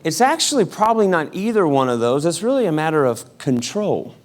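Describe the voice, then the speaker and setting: A man's voice: fairly high pitch, sing-song, a little fast. A male pastor giving a sermon in a casual, joking storytelling manner. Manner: casual, humorous storytelling with acted-out quotes.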